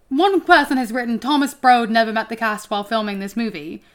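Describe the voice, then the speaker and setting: Woman from the us, podcast co-host, slightly high voice, emphatic, casual chat. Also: a little fast. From United States.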